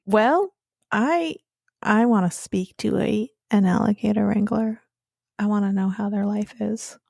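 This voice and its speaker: A woman's voice: medium pitch, a little slow, gravelly, darkish tone, no echo, studio quality. A woman co-hosting a podcast in casual chat, blunt and playful, laughing often and swearing now and then. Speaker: podcast co-host.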